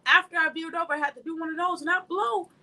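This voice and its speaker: A woman preaches in a high-pitched voice, with everyday stories mixed into the message. Her delivery is emphatic and conversational, and she laughs as she talks. The tone is bright and forceful. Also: fairly even intonation, fast talker, poor audio. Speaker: ministry speaker. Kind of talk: informal sermon with personal anecdotes.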